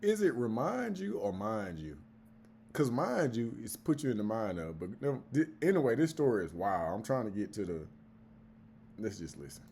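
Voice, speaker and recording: A man's voice: medium pitch, very animated, normal speed, vocal fry, a little mellow, slight background noise. A man reacting to a clip, muttering casual asides to himself.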